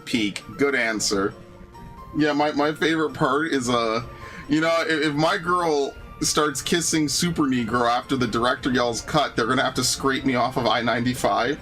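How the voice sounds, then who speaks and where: A young man with a mid-range voice hosts a gaming channel, chatting casually over gameplay at normal speed with music in the background. He rants animatedly, swears a lot, and keeps saying "bro" and "dude."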